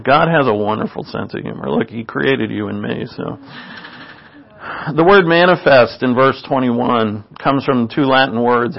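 A man's voice: medium pitch, creaky. A man giving an informal, chatty sermon, often checking in with the listeners by asking "right?". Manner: chatty, asks "right?" often, laughs at own asides. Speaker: preacher. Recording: dull lo-fi recording.

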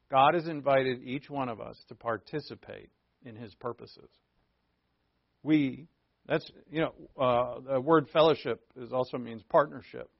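Gravelly-voiced man preaching a casual sermon. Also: medium pitch, dry recording, dull audio. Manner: earnest, rhetorical questions, swings from emphatic to hushed. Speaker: pastor. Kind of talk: conversational sermon.

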